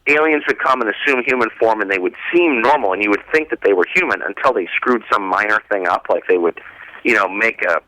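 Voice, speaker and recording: A man in his thirties calling in as a radio show guest, bantering casually and jumping into a high voice when he mocks someone. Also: fast talker, no room sound. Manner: animated, voice jumps high when mocking. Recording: call-in phone line.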